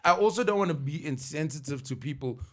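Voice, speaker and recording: A man co-hosting a podcast in casual chat, telling personal stories in a lively way and laughing often. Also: on the high side, quick pace, background noise. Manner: animated storyteller, laughs often. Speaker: podcast co-host.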